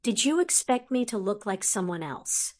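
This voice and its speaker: A woman's voice: mid-range voice, big pitch swings, normal speed, close to an everyday voice. Woman reading as Death, ageless male entity, sulky, whiny, bemused, storybook audiobook. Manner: bemused, whining.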